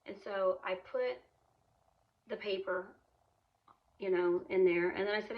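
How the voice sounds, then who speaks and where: A woman's voice: medium pitch, fairly even intonation, moderate pace, pauses often, dull audio. A woman in her thirties casually telling a personal story, chatty, with frequent fillers, restarts and laughs. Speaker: vlogger, single mom.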